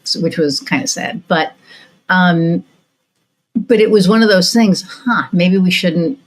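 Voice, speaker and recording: Low-voiced woman telling stories in a ramble. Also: measured pace, low-quality recording. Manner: rambling storytelling with many fillers and restarts. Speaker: podcast host. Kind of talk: casual interview chat.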